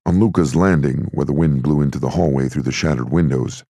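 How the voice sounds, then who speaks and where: A man narrates an audiobook in a very deep, husky voice. His delivery is steady and gritty, and the sound is dry and close. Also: a little fast, no echo. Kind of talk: scripted narration.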